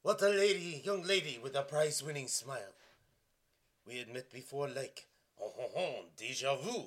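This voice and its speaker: A man's voice: medium pitch, expressive, normal speed, fairly bright tone, close to an everyday voice. A man voicing an over-the-top male poet with an exaggerated fake French accent, reciting with theatrical sighing flourishes. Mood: mock-romantic.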